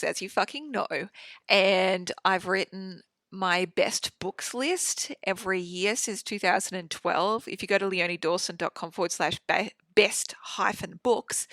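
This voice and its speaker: A woman's voice: medium pitch, creaky, fairly bright tone, no room sound. A woman, hosting a casual solo podcast, chatty and swearing freely with lots of fillers. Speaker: podcast host. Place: home studio.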